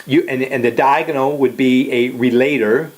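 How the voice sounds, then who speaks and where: A man's voice: mid-range voice, steady tone, normal speed. Direct older man giving a pep talk. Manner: direct, repeats "okay?" and "you know". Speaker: motivational speaker. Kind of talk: casual motivational talk.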